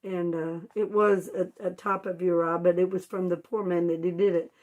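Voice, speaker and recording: A woman's voice: fairly low pitch, little pitch movement, normal speed, narrow, tinny audio. A woman teaching children a Bible story in homespun, informal words, asking them questions and answering them herself. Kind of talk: storytelling Bible lesson for kids.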